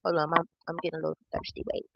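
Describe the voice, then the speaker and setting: A woman's voice: sits low, racing, gravelly, muffled recording, very noisy. A young woman telling a profane personal story in a casual storytime vlog, acting out the voices of the people in it. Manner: animated, acts out quoted voices, profane.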